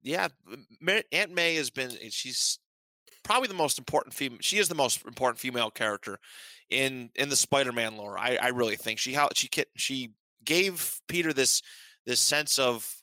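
Man, podcast co-host, casual chat, forceful voice, rambling, laughs a lot, dry sound. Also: mid-range voice, moderate pace, no room sound. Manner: enthusiastic, rambling, laughs often.

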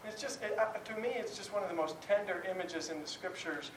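A man's voice: high-pitched, fast talker, echoey room. Man, Bible teacher, informal class talk, chatty and candid, chuckling, distant mic, faint background noise.

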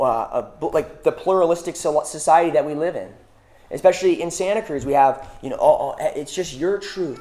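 A man's voice: sits high, a little mellow. A young man preaching a conversational sermon, asking rhetorical questions and speaking casually with many fillers.

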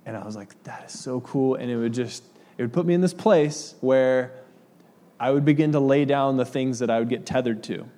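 A man's voice: medium pitch, fairly quick. A man giving a casual sermon to a congregation, chatty and laid-back, joking and reading scripture aloud. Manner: relaxed, chatty, laughs easily with the congregation. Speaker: pastor. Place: church hall with audience. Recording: long hall reverb.

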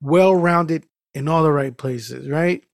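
A man's voice: a little high, takes it slowly, gravelly, no room sound, clean studio sound. A man hosting a podcast, telling a loose, profane anecdote that is full of restarts and "dude.". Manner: animated storytelling with many restarts. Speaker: podcast host. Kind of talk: casual chat, rambling anecdote.

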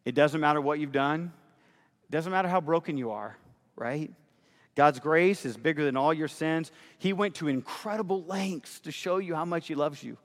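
A man's voice: fairly high pitch, moderate pace, in a large hall. A pastor preaching a sermon with rising emphasis, his voice carried through a large church sanctuary.

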